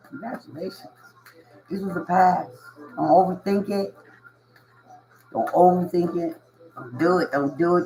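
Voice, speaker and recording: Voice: mid-range voice, slight background noise, low-quality recording. A tarot reader giving a casual reading to viewers, slangy and reassuring, often repeating phrases and laughing. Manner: reassuring, coaching tone.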